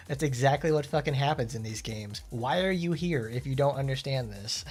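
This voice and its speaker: A man's voice: medium pitch, normal speed, few pauses, a little mellow, faint music behind. A man streaming a game and chatting casually, rambling with lots of fillers and blunt, profane asides. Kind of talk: casual gameplay commentary.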